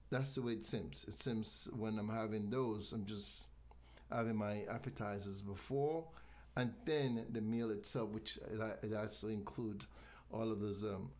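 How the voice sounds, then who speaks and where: A man from Nigeria, a guest in a casual interview, talking in a halting way with frequent restarts. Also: lowish voice, a little mellow. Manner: halting, many restarts, promotional. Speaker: guest, venue owner.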